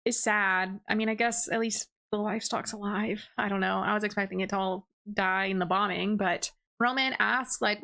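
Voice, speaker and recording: A woman's voice: mid-range voice, fairly even intonation, normal speed, creaky, pushed and bright. Chatty woman recapping a book. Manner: chatty, filler-heavy with frequent "like" and laughs. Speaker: book reviewer. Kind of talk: casual spoken book recap. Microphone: desk microphone.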